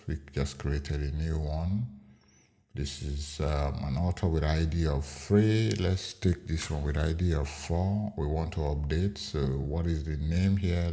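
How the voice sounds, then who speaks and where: A man hosting a screen-recorded coding tutorial, explaining each step in an unhurried way with fillers. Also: rumbling low, warm tone. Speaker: programming tutorial host.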